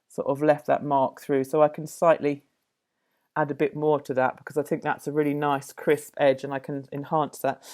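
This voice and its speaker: A woman demonstrating a watercolour painting, musing aloud as she works, with many pauses and self-corrections. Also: low voice, darkish tone. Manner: thoughtful, musing, full of fillers and self-corrections. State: slightly out of breath at times. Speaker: art teacher.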